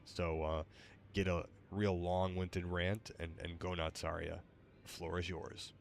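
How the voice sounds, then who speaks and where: Deep-voiced tired male streamer. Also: little pitch movement, unhurried, vocal fry, slight background noise. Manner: rambling, hesitant, many fillers. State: tired, yawning. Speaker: gaming streamer host. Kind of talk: casual gaming stream chat.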